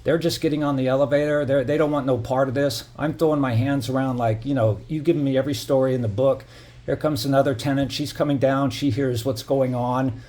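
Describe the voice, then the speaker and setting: A man's voice: medium pitch, fairly even intonation, a little fast, darkish tone. A middle-aged man telling a story in a casual vlog, heated and profane, full of "you know" fillers. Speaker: building resident narrating security footage.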